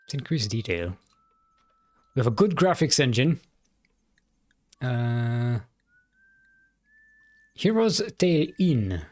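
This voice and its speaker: A man's voice: mid-range voice, very animated, slow pace, long pauses, darkish tone. A man streaming a game, giving casual commentary in a rambling, self-correcting way and laughing easily.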